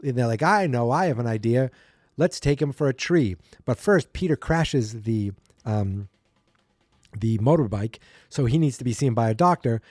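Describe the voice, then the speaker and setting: Man, podcast host, casual rambling recap, mellow dark tone, dry close sound. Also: animated, moderate pace, dry recording, soft background music. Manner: rambling, acts out quotes in higher voices.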